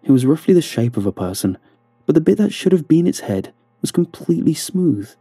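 A man's voice: a little high, sing-song, fairly quick, mellow, slightly rough, no echo, clean studio sound, faint music behind. A man narrating a first-person horror story in a tense, dramatic storytelling manner.

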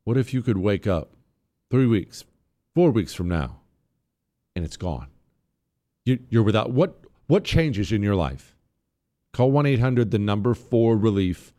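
A man's voice: lowish voice, darkish tone. A man hosting a talk radio show, delivering a brash, sarcastic monologue.

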